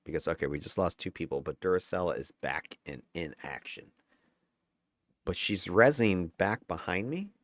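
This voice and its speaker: A man with a very low, deep voice talks through recorded gameplay in a casual, candid way. He chuckles now and then and swears lightly, and the sound is dry and close, with no room echo. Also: animated, normal speed. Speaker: gameplay commentator. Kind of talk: casual gameplay breakdown commentary.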